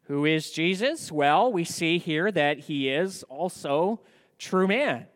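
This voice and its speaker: High, resonant-voiced male preacher. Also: slow, in a large hall. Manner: animated preaching with rhetorical questions. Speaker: pastor. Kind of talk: sermon.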